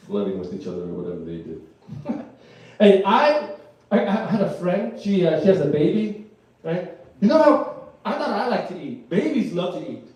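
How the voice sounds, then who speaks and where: A man's voice: high voice, darkish tone. A man doing live stand-up comedy, rambling and laughing at his own jokes, in front of an audience. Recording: echoey room, mic far off.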